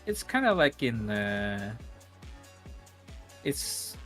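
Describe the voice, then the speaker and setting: A man talking casually on a stream in a relaxed, rambling way, with many fillers. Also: lowish voice, drawn-out words, soft background music. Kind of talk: casual chat.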